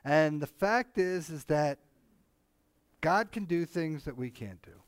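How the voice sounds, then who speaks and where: Chatty guy talking scripture, voice a little high, rambly, dry sound. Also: expressive, takes it slowly, clear, resonant tone, no echo. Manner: conversational, rambling, many "you know" asides; chuckles often, mimics others animatedly. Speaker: Bible study co-host. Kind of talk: casual Bible discussion.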